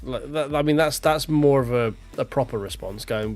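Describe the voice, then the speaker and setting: A man's voice: medium pitch, normal speed, few pauses, darkish tone, soft background music. A millennial man, ranting bluntly and swearing freely in casual stream chat. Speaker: sim racing streamer.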